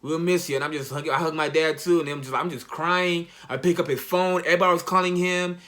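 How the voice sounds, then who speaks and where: A young man, a college athlete, telling a personal story in a casual, slang-heavy, halting way. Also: a little high, steady tone, a bit bright. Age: young adult.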